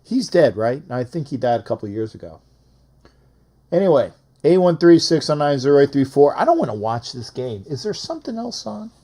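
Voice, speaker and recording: A man's voice: mid-range voice, very animated, brisk, warm tone. Rambling male call-in show host. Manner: rambling and repetitive, reads out phone numbers. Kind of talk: casual live call-in sports chat.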